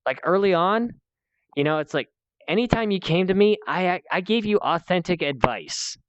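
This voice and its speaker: A man's voice: high voice, lively intonation, normal speed, clean tone, lo-fi sound. A man hosting a heated one-on-one conversation, lecturing in a repetitive, escalating way and swearing now and then. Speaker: channel host.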